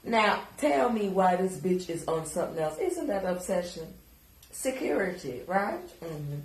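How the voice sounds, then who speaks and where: A woman's voice: on the low side, big pitch swings, measured pace, roomy sound. A woman giving crude, taunting reaction commentary and repeating words to mock someone. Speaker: commentary vlogger.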